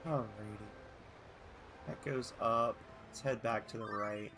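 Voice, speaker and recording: A man's voice: medium pitch, measured pace, creaky, music in the background. A man casually commenting on a video game, reading its dialogue aloud and making chatty, wry asides. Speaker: let's play host.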